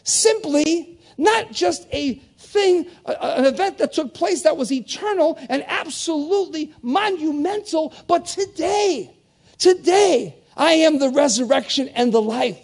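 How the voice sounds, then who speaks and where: An older male preacher with a fairly high voice who preaches in animated call-and-response. He leaps between soaring, loud cries and low, hushed storytelling, often pushing the room for answers. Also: measured pace, creaky. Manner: animated call-and-response preaching with wide swings in pitch and volume. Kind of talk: sermon.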